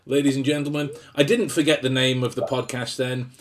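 A man's voice: medium pitch, level tone, fairly quick. A man co-hosting a podcast in casual comedic chat, jokey and self-mocking, rambling with restarts. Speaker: podcast co-host.

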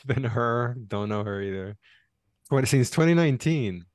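A man co-hosting a podcast in casual chat, laid-back and halting, often chuckling. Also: mid-range voice, animated, no room sound. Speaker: podcast co-host.

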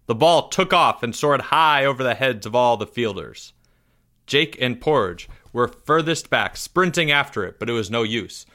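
A man narrates a children's story aloud with expressive delivery. He lowers his voice for suspense. His tone is bright and forward. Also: normal speed. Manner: expressive, drops softer for suspense.

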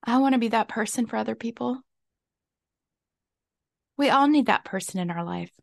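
A woman's voice: fairly high pitch, animated, normal speed, vocal fry, dry recording, clean studio sound. A young woman hosting a solo podcast, talking candidly and reflectively, often laughing at herself. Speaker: podcast host. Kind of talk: casual solo podcast talk.

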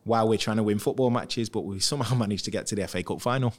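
A man's voice: lowish voice, rapid-fire. A man, a former professional footballer, chatting casually as a guest about his career and acting out what others said. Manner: chatty, animated, acts out quotes from others. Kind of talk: casual interview storytelling.

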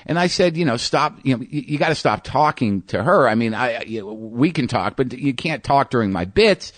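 A male comedian hosting his podcast tells a story at a reflective pace, stumbling over restarts and repeated words as he hunts for the right phrase. His voice sits at an ordinary middle pitch. The sound is dry, with no room echo. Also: animated, moderate pace. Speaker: podcast host and stand-up comedian. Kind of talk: storytelling monologue.

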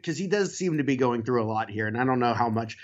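A man co-hosts a casual podcast review. He talks in a loose, rambling and enthusiastic way at a middle pitch. The recording sounds dull and lo-fi. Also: expressive, fast talker. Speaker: podcast co-host.

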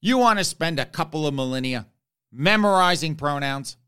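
A man's voice: fairly high pitch, lively intonation, moderate pace, a bit bright, clean tone. A man voicing God as an exasperated, blunt old deity, grumbling about everyone's messes. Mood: scolding. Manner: grumbling, fed-up complaints.

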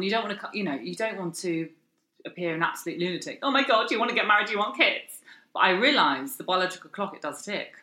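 A woman's voice: mid-range voice, bright, forceful tone. A woman from South East London co-hosting a podcast in casual chat, wry and joking. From South East London, England. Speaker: podcast co-host. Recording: roomy echo.

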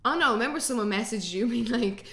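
Bright-voiced Irish woman in her twenties. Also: on the high side, vocal fry, slight background noise. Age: 20s. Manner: laughs often, easygoing, quick asides. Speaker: guest. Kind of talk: casual chat.

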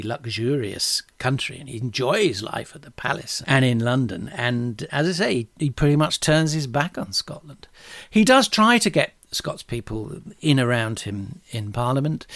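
Man explaining history, lively, dry sound. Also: no room sound. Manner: lively storytelling with quick jumps in pitch. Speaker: guest historian.

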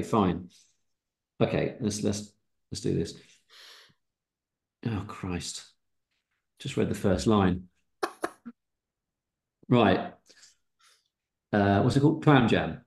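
A man's voice: on the low side, takes it slowly, gravelly, pauses often, darkish tone, echoey room. A man hosting a comedy podcast, reading stories aloud in a hesitant, stumbling, giggly way.

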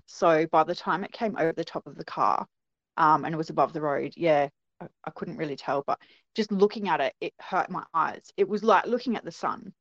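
A woman's voice: sits low, fairly quick, dry recording, lo-fi sound. A woman, recounting what she saw in a casual interview, earnest and hesitant with many ums. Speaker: guest recounting a sighting.

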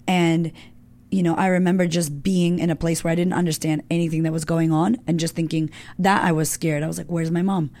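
A middle-aged woman speaks with a low, mellow voice that has a gravelly edge. She tells her own story frankly and with emotion, swearing freely as she goes. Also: flat delivery, brisk. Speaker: guest. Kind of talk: candid personal storytelling.

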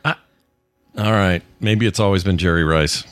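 A man's voice: deep voice, moderate pace, clear, resonant tone, dry recording, faint music behind. A middle-aged man hosting a casual live-streamed podcast chat, rambling and full of puns. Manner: jokey, rambling, punning. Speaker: podcast host.

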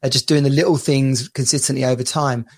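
A male podcast host with a gravelly, fry-laden voice at a middle pitch. He talks casually and hesitantly, pausing often as he frames his questions. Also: steady tone. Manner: conversational, hesitant, many fillers. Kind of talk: casual interview.

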